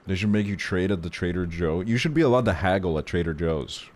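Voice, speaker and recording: A man's voice: low-pitched, animated, a little fast, a little mellow. A young man streaming, chatting casually with his viewers, swearing often and sounding exasperated in a joking way. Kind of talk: casual chat.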